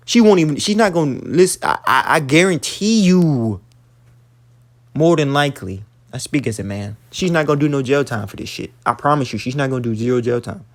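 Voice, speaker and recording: A man giving a blunt, profane casual rant as an online commentator, stumbling and repeating words, citing scripture. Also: mid-range voice. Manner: blunt, emphatic, swears often, repeats words; preachy, cites scripture. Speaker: online commentator reading news.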